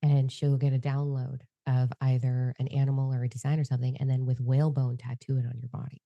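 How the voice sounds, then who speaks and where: A woman co-hosting a podcast in a candid, free-flowing, expressive chat. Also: a bass voice, fast talker, gravelly, dry recording, lo-fi sound. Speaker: podcast co-host. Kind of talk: casual heart-to-heart chat.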